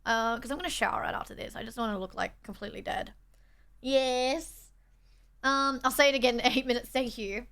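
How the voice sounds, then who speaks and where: Bubbly high-voiced Australian woman streamer. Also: steady tone, a little fast, fairly bright tone. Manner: chatty, bubbly, thanks chat often. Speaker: livestreamer. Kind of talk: casual stream chat reading chat. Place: borrowed streaming setup indoors.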